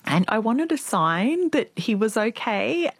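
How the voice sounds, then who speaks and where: A woman in her forties, telling a personal story as an interview guest in an earnest, reflective, quietly emotional way. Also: on the high side, big pitch swings, a little slow, husky, no room sound.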